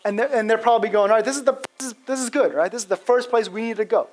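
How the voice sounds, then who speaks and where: A man's voice: very high-pitched, rapid-fire, poor audio. A male pastor giving an expository sermon in a casual storytelling manner, acting out quotes with frequent fillers.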